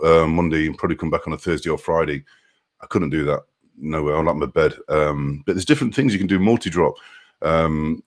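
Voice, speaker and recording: Deep and a little mellow, this man's voice carries a relaxed live stream from his truck. He reads out comments from viewers, says hello to people by name, and laughs often.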